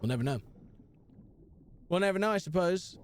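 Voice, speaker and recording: High, lively young streamer man. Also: moderate pace, a little hiss or hum. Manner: animated, chatty, replies to chat with slang. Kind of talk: casual live gaming stream.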